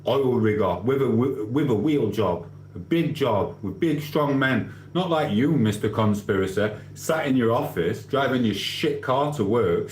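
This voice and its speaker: A man's voice: mid-range voice, darkish tone. A man hosting a casual livestream, reading comments aloud and ranting bluntly with cheeky swearing. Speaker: livestream host. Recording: roomy echo with faint hum.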